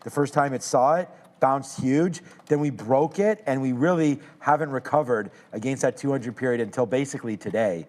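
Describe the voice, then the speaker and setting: A man hosting a live trading show, moving from teasing banter with a co-host into relaxed, thoughtful stock market commentary. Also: mid-range voice, moderate pace. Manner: joking, teasing, then thoughtful analysis.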